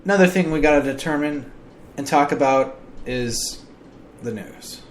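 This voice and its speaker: A man's voice: on the high side, unhurried, slight background noise. An American man hosting his own podcast, talking in a blunt, exasperated and profane ranting monologue. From United States. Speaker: podcast host.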